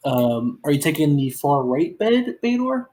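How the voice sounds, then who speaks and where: A woman with a deep, mellow, sing-song voice acts as game master for a tabletop game, narrating unhurriedly. Her casual narration is heavy with "um" and "like," and the recording quality is low.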